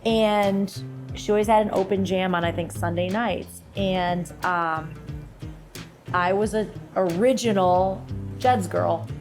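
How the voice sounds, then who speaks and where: A woman from Toledo, Ohio, talking as a podcast guest, telling stories with lively acted-out quotes. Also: medium pitch, takes it slowly, over music. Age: adult, sings since her mid-twenties. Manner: animated storyteller, acts out quoted voices. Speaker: podcast guest, singer and lawyer. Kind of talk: casual interview chat.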